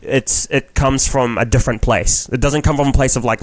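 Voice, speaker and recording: A man's voice: mid-range voice, fairly even intonation, fairly quick, few pauses, no echo. A young man with a New Zealand accent, a comedian guest on a podcast, talking frankly and rambling, swearing freely in casual chat.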